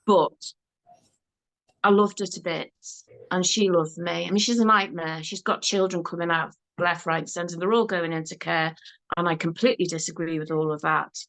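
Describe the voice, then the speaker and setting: A woman's voice: fairly low pitch, moderate pace. An older woman with a Liverpool accent, a guest telling stories in a casual chat. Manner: chatty, storytelling, lively.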